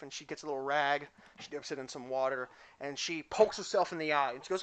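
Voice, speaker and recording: A man's voice: on the high side, brisk, few pauses, clean tone. A young man running a tabletop game and narrating casually as game master.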